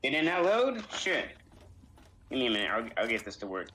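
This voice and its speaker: A man's voice: mid-range voice, wildly swooping pitch, fairly quick, bright, forceful tone, a little hiss or hum. A man joking around with friends during a game stream. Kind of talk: casual gaming chat.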